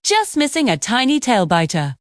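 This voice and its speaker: A woman voicing Monkey, a gentle little jungle hero. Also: a little high, huge pitch swings, moderate pace, no echo, studio quality. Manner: gentle, caring, joking. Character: brave little male monkey, kind and playful.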